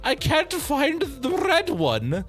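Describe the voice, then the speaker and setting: A man voicing a high, sing-song archaic knight girl. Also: huge pitch swings, takes it slowly, music in the background, heavily acted. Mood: whiny.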